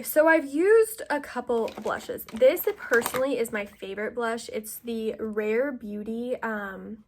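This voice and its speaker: A woman's voice: a little high, slight background noise. Chatty young woman, makeup tutorial. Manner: chatty, filler-heavy, self-deprecating. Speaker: vlogger.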